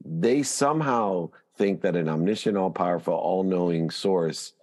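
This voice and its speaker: A man guest on a podcast, telling a personal story in an animated, emphatic way. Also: low-pitched, a little slow. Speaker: guest, motivational speaker.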